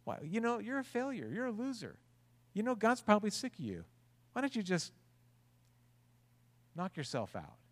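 A man's voice: high voice, wildly swooping pitch, normal speed, long pauses, pitched above the performer's own voice. A male preacher voicing a sneering male devil who whispers mocking taunts. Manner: mocking, contemptuous.

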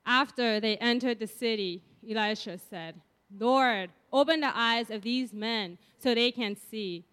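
A woman pastor leading a group Bible reading, reading scripture aloud clearly and evenly in a church hall. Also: fairly high pitch, unhurried, fairly bright tone. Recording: long hall reverb.

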